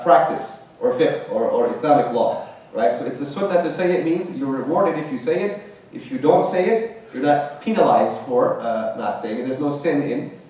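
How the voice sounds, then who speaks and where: A man's voice: medium pitch, a little mellow. A man teaching a conversational religious class in a mosque, often checking in with his listeners. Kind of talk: Quran commentary class. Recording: very echoey room, distant mic.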